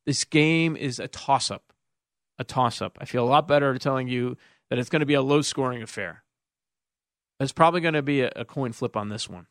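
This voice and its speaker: A male sports radio host with a slightly higher voice, opinionated and wry as he breaks down the games and takes calls. His studio mic sounds dry and close, with no room echo. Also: fairly bright tone. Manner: opinionated, wry, quick asides to callers. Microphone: studio microphone.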